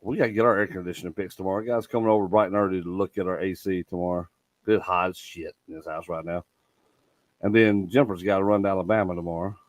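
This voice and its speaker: A middle-aged man with a drawl tells stories with lively energy and a fair bit of swearing. His voice sits low. The sound is close and dry, with no room around it. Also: fast talker, no echo, rough recording. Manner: animated storytelling, swears freely. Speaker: podcast host. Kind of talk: casual chat.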